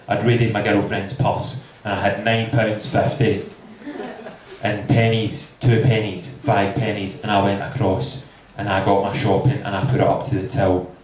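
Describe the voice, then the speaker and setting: A man's voice: on the low side, darkish tone, a little hiss or hum. A Scottish man in his twenties doing a stand-up routine, telling a story with dry asides. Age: 20s. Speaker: stand-up comedian. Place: comedy club stage. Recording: echoey venue from far off.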